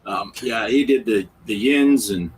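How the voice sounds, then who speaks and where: A man's voice: lowish voice, unhurried, slight background noise, poor audio. A man hosting a casual livestream chat, telling rambling stories. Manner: chatty, rambling storyteller. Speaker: livestream host.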